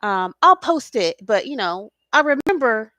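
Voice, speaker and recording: A spiritual reader hosts a casual talk in a slightly high, sharp-toned voice with big pitch swings and an unhurried pace. She speaks with slangy passion, swears freely, and addresses her listeners directly, checking in with "okay?". The recording is dry and studio quality.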